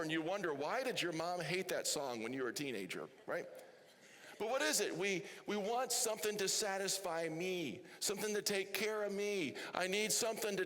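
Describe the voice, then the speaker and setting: A man's voice: sits high, fairly bright tone, in a large hall. A man preaching a sermon as pastor, chatty and often asking the congregation questions. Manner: chatty, asks the crowd questions. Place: church hall.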